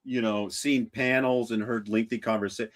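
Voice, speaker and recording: A man's voice: medium pitch, steady tone, normal speed. A man co-hosting a casual live watch-along chat, laid-back, laughing easily and swearing casually. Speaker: podcast co-host.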